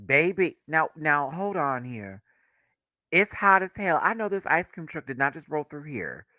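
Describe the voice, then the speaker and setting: A man hosting a livestream, chatting casually as an excitable fan who gushes and laughs often. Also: on the high side, unhurried, no echo. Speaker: livestream host.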